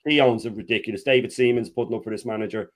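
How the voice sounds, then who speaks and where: A man's voice: lowish voice, fast. A man on a football panel video call, frustrated and ranting, repeating words as he starts a thought. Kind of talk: casual chat.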